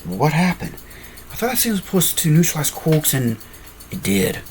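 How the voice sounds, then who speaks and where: A man voicing a calculating male villain who broods in a low mutter about a rival growing stronger. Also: big pitch swings, normal speed, slight background noise. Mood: brooding.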